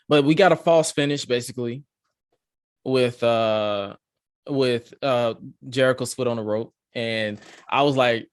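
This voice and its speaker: A man hosting a podcast, reviewing wrestling in excitable, profane, rambling casual chat. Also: mid-range voice, moderate pace, no echo, clean studio sound. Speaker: podcast host.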